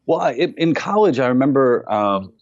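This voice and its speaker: A comedian from Queens with a faint New York accent, chatting as a guest on a podcast and telling stories in an animated, self-mocking way. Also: medium pitch, moderate pace, lo-fi sound. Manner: animated storyteller, self-mocking, many restarts. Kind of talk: casual podcast interview.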